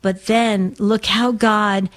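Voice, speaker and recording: A woman's voice: mid-range voice, flat delivery, slow pace. A woman hosting a Christian call-in radio show, talking to a caller in an effusive way, often repeating words and restarting.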